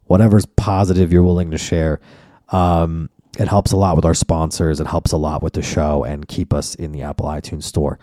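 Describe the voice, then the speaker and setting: A man's voice: very deep voice, little pitch movement, moderate pace, warm tone, no room sound, clean studio sound. A man hosting his own podcast in a casual, profane, rambling solo monologue that turns mock-preachy. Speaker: podcast host and comedian.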